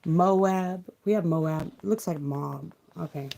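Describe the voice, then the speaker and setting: A woman on a live stream speaking quietly and rambling through questions, trailing off as she reads and thinks aloud into a close mic. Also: lowish voice, slow, vocal fry. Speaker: livestream tarot reader. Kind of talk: soft-spoken livestream musing. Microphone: close mic, kept quiet for live stream.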